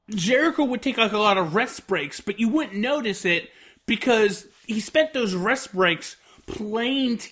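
A man's voice: high-pitched, fairly bright tone. A man giving an enthusiastic, rambling spoken review, full of fillers. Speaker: wrestling reviewer.

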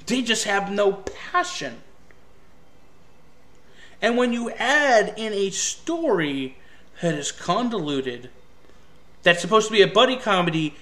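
In this clip, a man whose voice is high and bright rants his way through a film review. Exasperated and sarcastic, he tears the movie apart, swearing freely as he goes.

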